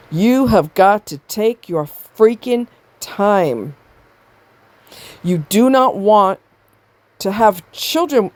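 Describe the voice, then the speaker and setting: A woman's voice: mid-range voice, darkish tone, dry recording. A woman giving a blunt, exasperated commentary on a video, swearing freely as she rants. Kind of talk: ranting commentary.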